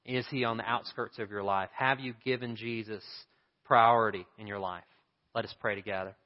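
A man's voice: on the low side, steady tone, normal speed. A man preaching a sermon in a church, telling a story earnestly and then leading a prayer. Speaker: pastor. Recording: reverberant hall, dull lo-fi sound.

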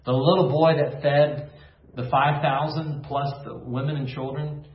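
Echoey pastor calling for repetition. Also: male voice, fairly high pitch, steady tone, a little slow, highs cut off. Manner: call-and-response, asks listeners to repeat phrases. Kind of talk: online sermon devotion.

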